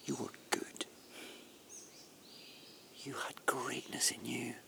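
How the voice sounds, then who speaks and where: An actor playing a bitter, brooding provincial schoolteacher in a radio play, swinging between loud outbursts and hushed whispers. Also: male voice, mid-range voice, little pitch movement, slow, gravelly, full character voice. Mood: pleading.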